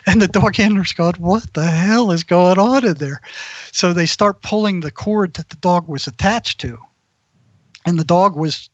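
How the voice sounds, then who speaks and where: A man with a fairly high voice spins long anecdotes as an interview guest, rambling from one detail to the next. The sound is dry and close, with a dull, lo-fi quality like audio from a call. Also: no room sound. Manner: rambling storyteller who acts out quoted voices. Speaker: guest, mental health practitioner.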